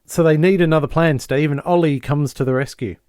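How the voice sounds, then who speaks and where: A man co-hosting a podcast who recaps a sitcom episode in a casual, animated way and acts out the characters. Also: on the high side, fairly quick, clean tone, dry recording, clean studio sound. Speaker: podcast co-host.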